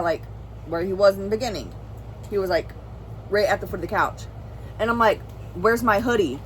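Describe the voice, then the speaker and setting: A woman's voice: mid-range voice, a bit bright, a little hiss or hum, poor audio. Young woman telling a rambling story. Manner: rambling, full of "like" and "well"; earnest, serious. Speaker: family vlogger. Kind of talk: personal storytelling.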